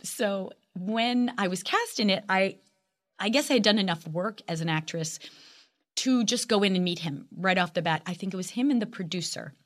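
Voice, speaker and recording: A woman in her sixties, an actress and guest, chatting animatedly and telling lively stories in a casual interview. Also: mid-range voice, normal speed.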